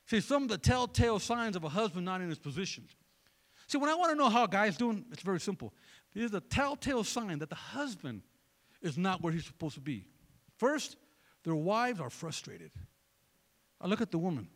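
Male pastor, sermon, high voice, lively, gravelly, joking asides. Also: moderate pace. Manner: animated, joking asides to the congregation.

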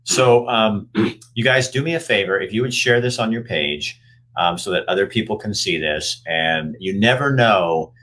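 A man hosting a casual online chat, telling stories in a chatty, animated way. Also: lowish voice, normal speed. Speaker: host.

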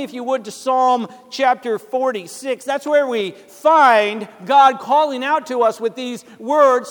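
Slow high-voiced male pastor preaching. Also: in a large hall. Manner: conversational, asks the congregation for responses. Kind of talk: sermon. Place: church sanctuary.

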